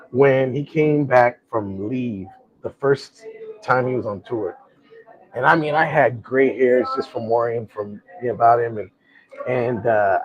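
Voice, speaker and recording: A man's voice: medium pitch, muffled recording. A middle-aged man hosting a live talk show, telling a personal story in a rambling, heartfelt way with many restarts. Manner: rambling, repeats words and restarts, emotional. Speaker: host. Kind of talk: casual storytelling chat.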